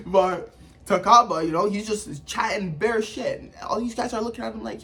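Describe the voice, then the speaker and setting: High, animated guy hyping anime. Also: moderate pace, vocal fry. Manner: animated, slangy, with sound effects. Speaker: anime reviewer. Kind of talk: casual commentary.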